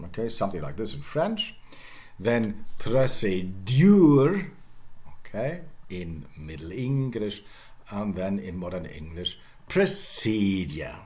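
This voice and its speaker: Man, lecturer, slow, swooping pitch, lowish voice, drawn-out example words. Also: very animated. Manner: demonstrates pronunciations slowly, asks "okay?" often. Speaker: linguistics professor. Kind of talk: university lecture.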